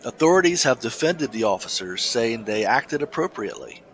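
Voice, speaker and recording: A man co-hosting a casual podcast, talking in halting starts and restarts and reading a news story aloud. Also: mid-range voice, very animated, fairly bright tone. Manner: halting, many restarts, laughs easily. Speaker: podcast co-host.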